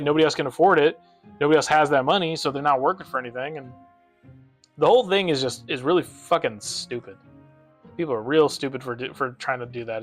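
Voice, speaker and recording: A man's voice: fairly high pitch, fairly bright tone. A young man rambling and ranting with frequent swearing while chatting on a casual gaming stream, with game music behind him.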